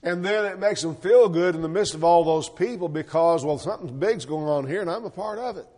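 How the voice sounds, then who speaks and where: Male pastor, slightly high voice, preaching with rhetorical questions. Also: a little fast, warm tone. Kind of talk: sermon.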